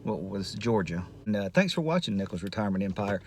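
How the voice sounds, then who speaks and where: A retired man, telling a jokey story in a casual vlog and building up to loud exclamations. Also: on the low side, very animated, fast, slight background noise. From Southern United States. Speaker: retired school administrator and vlogger.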